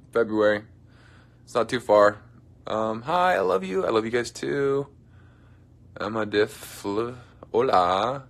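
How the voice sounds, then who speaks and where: Young guy livestreaming from his dressing room, bright tone, jokey, drops to mumbles sometimes. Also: medium pitch. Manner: playful, joking, drifts into soft mumbles. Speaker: livestream host. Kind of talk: casual livestream chat reading comments.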